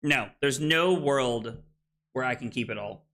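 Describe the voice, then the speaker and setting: A man's voice: medium pitch, sharp tone. A man casually commentating his own card game on a live stream, frustrated and swearing, with hiccups and something stuck in his throat.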